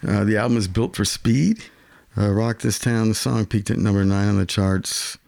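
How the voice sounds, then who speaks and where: Man, co-host, casual music chat, explanatory, gravelly voice, dry sound. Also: lowish voice, fairly even intonation, normal speed, a little mellow, dry recording. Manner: enthusiastic, explanatory about guitar tones.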